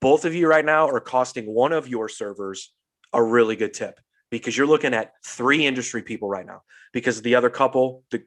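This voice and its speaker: A man's voice: medium pitch, a little fast, fairly bright tone. A young adult man, a podcast host, telling a story in casual chat, acting out the quotes and swearing freely.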